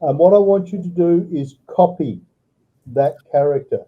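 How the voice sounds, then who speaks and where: With a somewhat high voice and a breathy edge, a man tutors English over a video call at a moderate pace. He lays out advice step by step and frequently checks in with "all right," through narrow, tinny audio.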